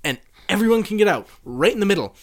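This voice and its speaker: Lively, exasperated ranting man. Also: high-pitched, quick pace. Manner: profane ranting, builds to loud exasperated outbursts. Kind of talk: casual chat. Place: lives near Tokyo.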